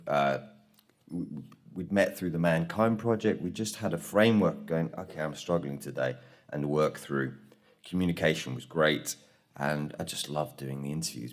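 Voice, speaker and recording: Male conference speaker, deep-pitched, lively storyteller who acts out quotes. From England. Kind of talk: conference talk. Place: conference room.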